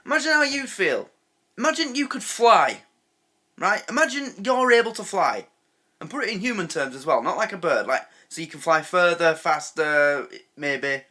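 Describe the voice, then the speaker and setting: An English man reacts casually to a clip, animated and quick to rant. His voice is high and lively, with a very bright, sharp edge. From England. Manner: animated, laughing, ranting. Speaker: reaction video host.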